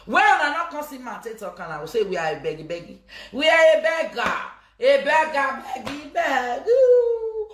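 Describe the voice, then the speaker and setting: Nigerian lady ranting and joking on a live stream, playful chanting, kinda high, roomy echo. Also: very animated, moderate pace, hardly any pauses, a little hiss or hum. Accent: Nigerian Pidgin. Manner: teasing, sing-song, laughing. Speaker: social media host. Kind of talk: comic live-stream chatter.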